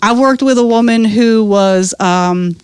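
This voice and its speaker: A woman who is a comedian and doula, telling life stories in a casual podcast chat, animated and profane, slipping into voices. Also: fairly high pitch, a little slow, smooth, no room sound.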